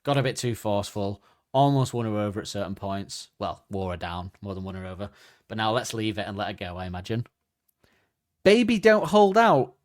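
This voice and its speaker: A man's voice: fairly low pitch, fast. A man co-hosting a comedy podcast in casual chat, who jokes, laughs often and acts out characters. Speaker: podcast co-host.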